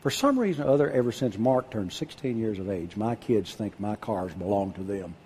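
An older man preaching a sermon, husky-voiced, dropping to a hush and then calling out loud. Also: on the low side, moderate pace, slight background noise. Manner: animated preaching, drops to a hush then shouts out. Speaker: pastor.

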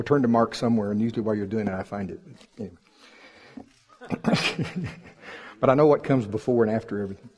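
At a church service, a male preacher with a mid-range voice delivers an animated sermon laced with jokes. His volume swings between loud and soft.

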